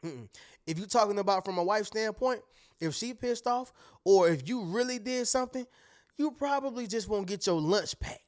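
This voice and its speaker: A man, hosting a casual motivational talk, animated and repeating his points, often checking in with "right?". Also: sits high, moderate pace. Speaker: host.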